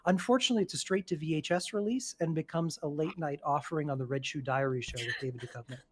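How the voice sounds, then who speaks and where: A man guesting on a podcast, his voice sitting a little higher than most men's. He lays out an improvised comic story in a dry, detailed way. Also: fast talker, background noise.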